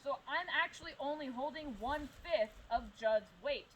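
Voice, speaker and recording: A woman's voice: sits high, normal speed, a bit bright, a little hiss or hum, rough recording. A woman instructing a group outdoors on belaying, explaining things plainly and step by step. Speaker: climbing instructor. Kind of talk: outdoor safety demonstration.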